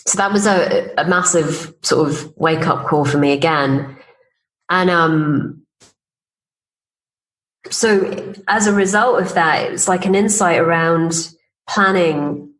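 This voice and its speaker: A deep-voiced woman takes her time, pausing often, on a low-quality recording. The business coach, a guest on a podcast, recounts personal stories chattily, dramatizing the dialogue she quotes and breaking into laughter.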